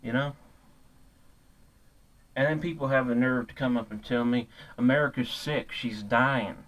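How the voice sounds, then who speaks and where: A man's voice: medium pitch, a little slow, fairly bright tone, natural voice, poor audio. A man playing a hot-headed, ignorant ranter. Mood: angry rant. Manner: profane, rambling, stumbling over his own words. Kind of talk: comedic character monologue.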